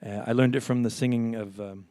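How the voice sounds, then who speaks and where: A man's voice: mid-range voice, steady tone, a little fast, mellow, no echo, studio quality. A man from Montreal, a folk singer chatting playfully between songs at a live concert, hesitant and full of fillers. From Montreal, Canada. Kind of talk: stage banter at a live concert.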